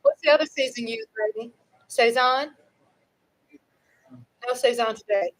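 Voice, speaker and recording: A middle-aged woman hosting a casual livestream, talking in a lively, chatty way and swinging from loud cheering to low asides. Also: normal speed, low-quality recording. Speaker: livestream host.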